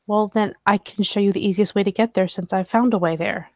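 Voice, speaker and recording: A woman's voice: medium pitch, steady tone, brisk, no echo. A woman with a mid-range voice explains her character's moves during a tabletop game session. The recording is dry and close, with no room sound. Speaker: player. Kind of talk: casual tabletop game chat.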